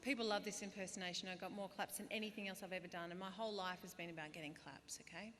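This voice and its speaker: An Australian woman in her thirties giving a humorous, self-deprecating graduation speech, now and then bursting into loud put-on voices. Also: lowish voice, steady tone, fast talker, slight background noise. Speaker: guest speaker. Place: large hall. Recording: reverberant hall, faint ambience.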